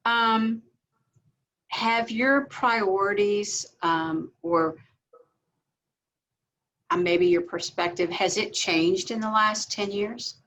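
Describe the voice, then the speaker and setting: A woman interviews a local candidate, friendly and halting, with plenty of ums as she reads her questions. Her voice sits at a middle pitch, and the recording is dull and muffled. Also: a bit bright. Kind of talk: casual interview.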